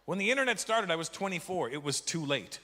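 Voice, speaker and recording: A man from Canada doing a stand-up comedy set, teasing the crowd in an animated, mocking way that rises to shouts. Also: high voice, fast talker. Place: large comedy venue with audience. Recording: live stage recording in a reverberant hall.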